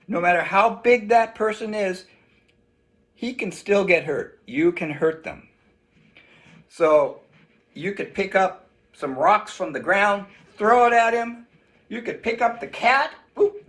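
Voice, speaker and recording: Male instructor, high voice, children's lesson, animated delivery. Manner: animated, acts out shouts for kids. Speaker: self-defense instructor.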